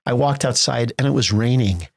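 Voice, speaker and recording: A middle-aged American man, a theater festival executive, telling lively stories in a podcast interview and acting out the voices he quotes. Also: medium pitch, normal speed, vocal fry, no room sound. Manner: animated storyteller acting out quotes.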